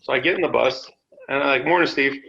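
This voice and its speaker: A gravelly-voiced man speaks quickly as a podcast guest, casually relating road stories from home over a call. Easygoing, he sometimes puts on a silly high voice, and the muffled recording carries a little hiss or hum.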